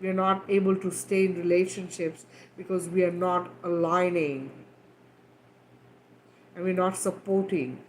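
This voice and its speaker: A woman's voice: fairly low pitch, fairly even intonation, a little slow, pauses often, a little hiss or hum, rough recording. A woman, a mother, talking frankly and earnestly to camera in a casual spiritual chat, often checking in with "right?" and "okay?". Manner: earnest and emphatic, swears casually. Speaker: mother of two daughters.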